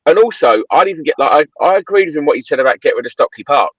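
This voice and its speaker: A man argues his case in casual football chat, stressing and repeating his points. His voice is slightly high, and the sound is dull and lo-fi with a dry, close feel. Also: animated, rapid-fire, husky, no room sound.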